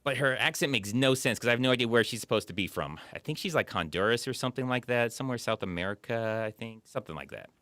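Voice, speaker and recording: A man co-hosting a casual chat about movies, rambling and animated, with lots of fillers. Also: medium pitch, fast talker, hardly any pauses, dry recording. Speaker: podcast co-host.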